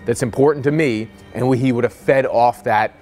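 A man's voice: medium pitch, normal speed, faint music behind. A man giving a motivational sales lesson as a business coach, telling stories and acting out the people in them. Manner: energetic, storytelling, acts out quoted voices.

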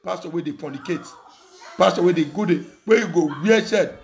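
A man's voice: high voice, a little fast, vocal fry. A young Nigerian man speaking Nigerian Pidgin English, ranting angrily with insults, mocking laughter and repeated phrases. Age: young adult. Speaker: online commentator. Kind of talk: angry rant.

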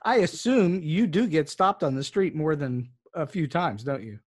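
A man's voice: fairly high pitch, lively intonation, moderate pace. Male podcast host, encouraging interviewer. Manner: laughs along, encouraging and appreciative. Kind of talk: casual interview.

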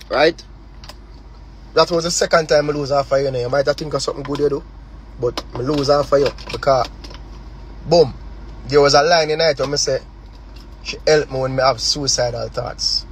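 A man's voice: on the high side, slight background noise, low-quality recording. A man with a Jamaican accent speaking in patois on a phone livestream, impassioned and confrontational, repeating words and firing rhetorical questions. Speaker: artist on a live stream. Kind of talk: heated direct address.

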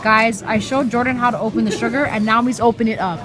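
High-voiced young woman vlogging. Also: steady tone, fast talker, over music. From Canada. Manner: playful, teasing, bossy mom talk with frequent laughs. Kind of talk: casual family vlog chat. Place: restaurant at dinner.

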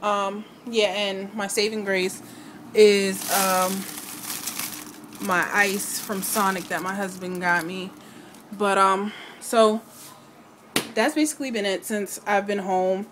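A woman talking through a casual home video diary, slightly out of breath, hesitant with many pauses and fillers. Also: mid-range voice, fairly even intonation, background noise. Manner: hesitant, many ums and restarts. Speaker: vlogger.

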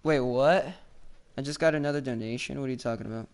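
A young man hosting a casual live stream, excitedly thanking viewers with lots of repeats and restarts. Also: mid-range voice, quick pace. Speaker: livestreamer.

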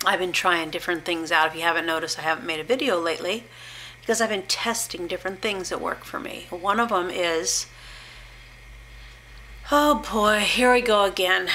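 A woman's voice: mid-range voice, bright, forceful tone, slight background noise. A woman in her fifties from the Pacific Northwest, chatting at home in a rambling, enthusiastic way for her video blog. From Pacific Northwest, USA. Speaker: juicing vlogger. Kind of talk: casual home vlog. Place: home with a pet bird.

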